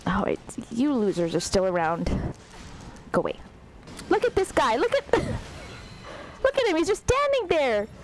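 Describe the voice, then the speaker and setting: Giggly high-voiced woman streamer. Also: sing-song, a little slow, pauses often, a little hiss or hum, rough recording. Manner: sarcastic, giggly, talks back to game characters. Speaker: game streamer. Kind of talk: live gameplay commentary.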